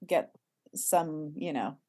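A woman from Miami, a guest songwriter chatting casually, playful and quick to laugh, often trailing off and restarting. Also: low-pitched, mellow. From Miami, USA. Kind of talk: casual chat.

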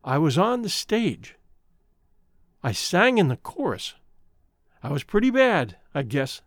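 Guy voicing a young ex-chorus girl, earnest and confessional, lively dry storybook read. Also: on the high side, slow pace, dry recording. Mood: confessing. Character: young woman, troubled former chorus girl.

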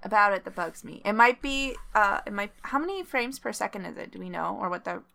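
A woman's voice: medium pitch, animated, a little fast, creaky, sharp tone. A woman co-hosting a gaming podcast, chatting casually with lots of fillers. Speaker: podcast co-host. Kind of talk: casual chat.

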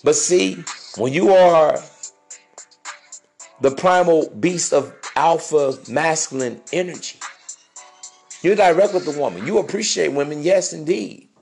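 A man's voice: on the high side, lively intonation, a little slow, vocal fry, a little mellow, faint music behind. Swaggering man preaching dating advice. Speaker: podcast host.

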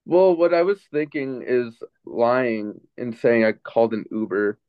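A man's voice: mid-range voice, expressive, unhurried, clear, resonant tone, dry recording, phone-quality sound. A man improvising as a hesitant therapy client in a comedy role-play.

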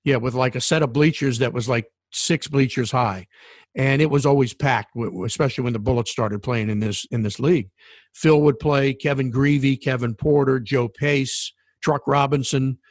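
A middle-aged man who works as a sports broadcaster and used to referee, telling a story in casual conversation with animated enthusiasm and frequent restarts. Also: medium pitch, moderate pace, no room sound.

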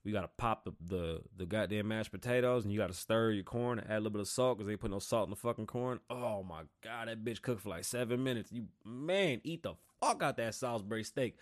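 A man in his thirties hosting a casual monologue, telling stories in a profane, animated and rambling way. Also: fairly low pitch, brisk, hardly any pauses. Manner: rambling, digressive. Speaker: podcast host.

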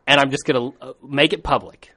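A man's voice: mid-range voice, fairly even intonation, brisk, pushed and bright. A man hosting a podcast in casual chat, loose and rambling, laughing often. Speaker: podcast host.

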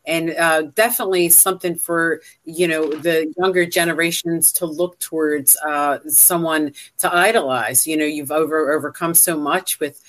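Low-voiced woman host, halting. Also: a bit bright. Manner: halting, hesitant phrasing. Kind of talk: interview wrap-up.

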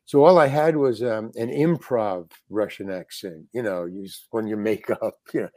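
An older actor telling a story as an interview guest in a halting, rambling way, full of restarts. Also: male voice, lowish voice, a little mellow, no room sound. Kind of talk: casual storytelling.

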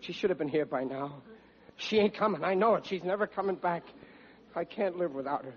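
A man's voice: high-pitched, a little fast, natural voice. An actor playing a blustery, melodramatic working-class father in a 1940s radio sitcom. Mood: gloomy. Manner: bellowing, melodramatic outbursts. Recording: dull old radio recording.

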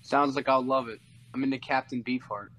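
A man's voice: mid-range voice, fairly even intonation, fairly quick, a bit bright, rough recording. Easygoing man guest on a podcast. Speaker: band member guest. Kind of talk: casual podcast chat.

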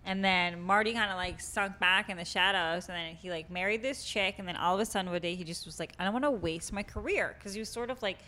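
A woman's voice: mid-range voice, fast, hardly any pauses, bright, forceful tone. A woman with a Boston accent co-hosting a podcast, loose and joking, swearing often in casual chat. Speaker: podcast co-host.

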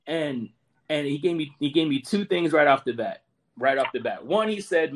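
A man's voice: mid-range voice, fairly quick. A man in his forties, a Marine veteran guest, earnestly telling a personal story and often repeating words as he goes. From United States.

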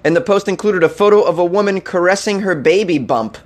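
At a moderate pace, a male comedy news host mocks strange headlines with an incredulous tone. His voice sits a bit higher than most men's, and he laughs often between lines.

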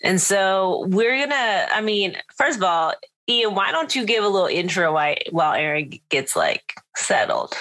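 Bright-voiced, chatty woman podcast host. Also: mid-range voice, big pitch swings, normal speed, hardly any pauses. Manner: playful, chatty, teasing. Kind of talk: casual chat.

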